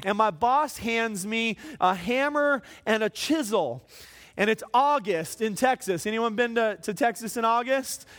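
A man's voice: very high-pitched, measured pace. A middle-aged man preaching to a live audience, telling a self-mocking story with lots of restarts and repeated words. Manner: animated, self-mocking, repeats words when starting a thought.

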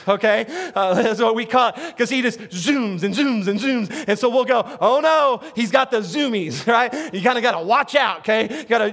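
A man's voice: very high-pitched, pushed and bright. A male pastor preaching a sermon in a playful, chatty way, keeps checking in with the audience and restarting his words. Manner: repeats words and restarts often.

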